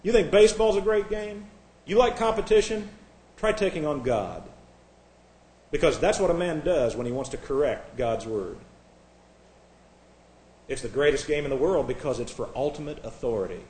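A fairly high-voiced man preaching with a combative, sarcastic edge. He shifts between quiet, confiding asides and loud, mocking outbursts. The sound carries a noticeable room echo. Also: normal speed, pauses often. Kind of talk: sermon.

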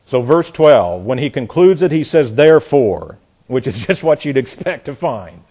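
A middle-aged man teaching a Bible passage verse by verse, deliberate and emphatic, often repeating words as he works through a thought. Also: mid-range voice, big pitch swings, mellow.

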